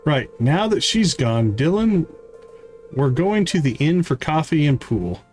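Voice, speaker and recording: A brash, impulsive young man who teases his brother and pushes friends around, as a man plays him. He talks in a lively, bouncing voice in this farming game. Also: on the high side, unhurried, faint music behind. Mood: pushy. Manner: brash, teasing.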